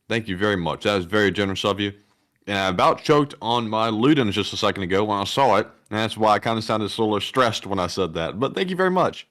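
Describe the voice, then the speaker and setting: A man's voice: on the low side, animated, fast, a bit bright. A man co-hosting a livestream, reading out donor messages with dry joking asides. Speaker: livestream co-host reading donations. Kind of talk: casual livestream chat.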